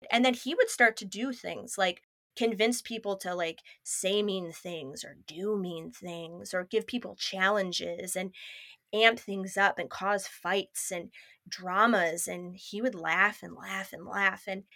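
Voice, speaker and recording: Bright-voiced woman recounting a story. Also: mid-range voice, takes it slowly, no room sound, studio quality. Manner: lively, acts out others' lines in quotes. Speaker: guest. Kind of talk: personal storytelling in an interview.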